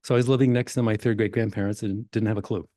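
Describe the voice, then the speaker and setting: An older man from Maine giving a relaxed genealogy talk in a library, reading old records aloud with self-deprecating asides. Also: lowish voice, fast, no room sound, studio quality. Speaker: genealogy presenter. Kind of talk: library presentation to a society audience. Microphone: presenter mic in a library meeting room.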